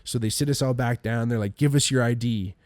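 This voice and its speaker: Male podcast guest, animated storyteller, mid pitch, dry close sound. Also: fairly quick, dry recording. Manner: animated storyteller, acts out quotes, swears a lot, laughs often. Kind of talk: casual storytelling.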